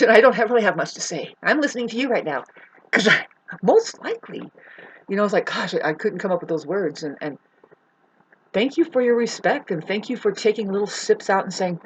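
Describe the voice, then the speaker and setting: A woman's voice: medium pitch, brisk, slight background noise. A woman delivering a rambling spiritual monologue from home, swearing and breaking into emphatic outbursts. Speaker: spiritual astrology vlogger.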